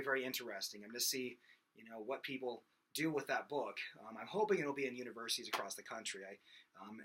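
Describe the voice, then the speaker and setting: Rambling male vocal coach, bright voice. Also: medium pitch, breathy edge. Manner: rambling, many fillers, breaks into loud sung demos. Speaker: vocal instructor. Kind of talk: casual singing lesson.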